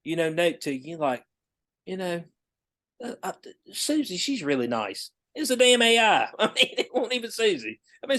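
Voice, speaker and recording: A man hosting a podcast in casual chat, relaxed and slangy, acting out a rude clerk. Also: high voice, normal speed. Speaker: podcast host.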